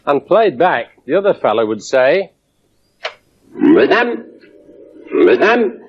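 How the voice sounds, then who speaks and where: Wry English lecturer, dull 1970s tape. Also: male voice, medium pitch, moderate pace. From England. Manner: lively, wry demonstrating with audience. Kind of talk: public science lecture. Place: lecture theatre with audience. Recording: dull 1970s broadcast recording.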